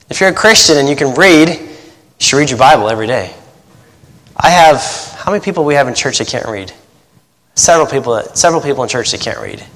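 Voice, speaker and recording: Man, 30s, pastor, casual sermon, joking, acts out quotes, higher voice, echoey church hall. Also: fairly bright tone. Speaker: missionary pastor.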